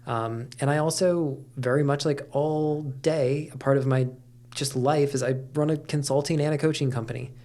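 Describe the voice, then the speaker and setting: A man's voice: on the high side, fairly even intonation, normal speed, darkish tone. A middle-aged man talking candidly as a podcast guest, with lots of fillers and casual swearing. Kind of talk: casual conversation.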